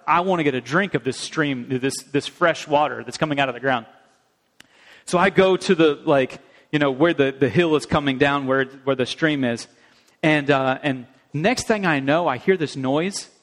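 A middle-aged man, a pastor, telling personal stories in an animated sermon. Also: fairly high pitch. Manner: animated storytelling, acts out his mother's voice. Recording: long reverb of a large hall.

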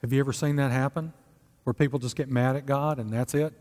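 A male pastor preaches a sermon conversationally, posing rhetorical questions to the congregation. His medium-pitched, slightly mellow voice has fairly even intonation and a quick pace, and the recording carries a long hall reverb.

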